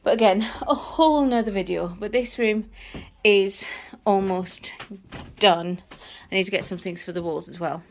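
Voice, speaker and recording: A woman's voice: medium pitch, moderate pace, a little mellow, a little hiss or hum. A pregnant-sounding woman, chatting casually at home in a vlog, out of breath and rambling. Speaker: vlogger. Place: indoors at home.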